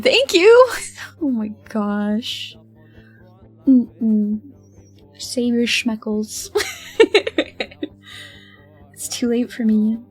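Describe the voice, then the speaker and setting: A young woman with a slightly high voice chats on her livestream, rambling from one thought to the next. She laughs often, swears freely and breaks into dramatic outbursts, with faint music playing behind her. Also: slightly rough. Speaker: streamer. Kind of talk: casual livestream chat.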